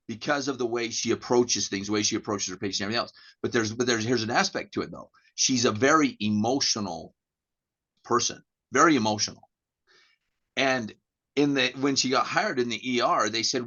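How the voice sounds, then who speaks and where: A middle-aged man talks in a candid podcast chat at a middle pitch. He tells stories in an animated way, stumbles over repeated words and acts out both sides of the dialogue. The recording sounds dull and lo-fi. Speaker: guest.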